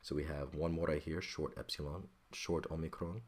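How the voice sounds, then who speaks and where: A man's voice: extremely low pitch, steady tone, moderate pace. A man teaching a Greek grammar lesson, working patiently step by step and often checking in with "okay?".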